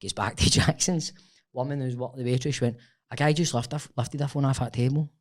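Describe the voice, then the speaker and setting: A man's voice: mid-range voice, fairly even intonation, a little fast, a little mellow. A Scottish man, a podcast co-host, telling a long story in casual chat and often laughing through it.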